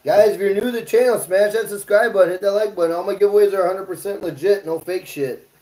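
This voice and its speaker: A livestream host cooks in his home kitchen, joking loosely, swearing freely and talking to his chat. His voice is high, fast and darkish in tone, in a roomy, low-quality recording.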